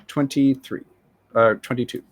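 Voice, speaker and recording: A man playing a tabletop game, speaking in a relaxed, halting way with many fillers. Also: mid-range voice. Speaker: player.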